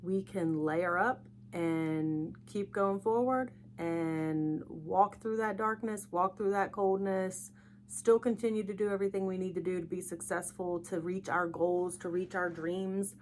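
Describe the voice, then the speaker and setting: Tired woman podcasting, lowish voice. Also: fairly even intonation, unhurried, a little mellow, slight background noise. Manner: chatty, rambling, reflective. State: tired, yawning. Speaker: podcast host. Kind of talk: casual solo podcast talk.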